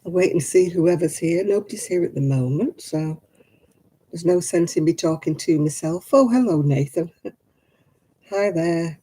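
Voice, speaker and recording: A woman's voice: fairly low pitch, normal speed, warm tone, husky. A middle-aged British woman hosting a casual live stream from her desk, chatting and greeting viewers by name. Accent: British English. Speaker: livestream host.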